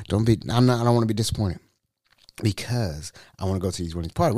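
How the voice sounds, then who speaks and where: A man in his thirties tells a story on his podcast in a warm, relaxed voice. His pitch jumps all over as he acts out every quote. The close mic sounds dry. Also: quick pace, dry recording. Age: 30s. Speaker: podcast host. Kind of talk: casual storytelling.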